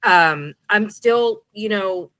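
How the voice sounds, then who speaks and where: A woman in her forties, a podcast guest, who is a bit congested and tells stories in an animated, chatty way. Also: mid-range voice, slow, dry recording. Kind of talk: casual conversation.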